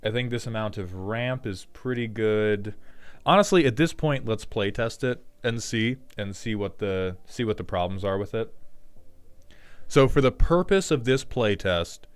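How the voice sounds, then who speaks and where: A man hosting a relaxed card game deck breakdown, cracking jokes and dropping profane asides as he rambles. His voice sits on the lower side and comes through smooth and clean. He talks like he's chatting with friends. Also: measured pace. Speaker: host.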